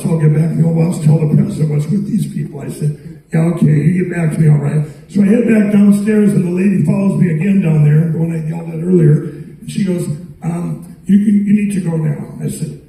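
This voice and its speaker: A man's voice: sits high, dark tone. A man giving a rambling, anecdotal speech to a live audience at an arts center, acting out the dialogue in his stories. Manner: rambling, repetitive storyteller who acts out dialogue. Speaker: guest speaker at a public event. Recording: echoey hall picked up from far off.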